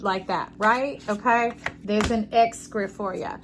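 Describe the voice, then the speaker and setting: Speaking to camera at a measured pace, a woman with a medium-pitched voice gives an intuitive tarot reading over some background noise. Her casual spiritual talk is effusive and preachy, and she keeps checking in with the listener.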